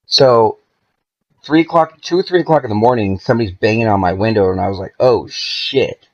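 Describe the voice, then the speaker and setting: A man's voice: fairly low pitch, fast, a little mellow. A man on a podcast as a guest, telling a long story in a casual, profane, rambling way. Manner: profane, laid-back, rambling with many "like"s. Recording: dull lo-fi podcast audio.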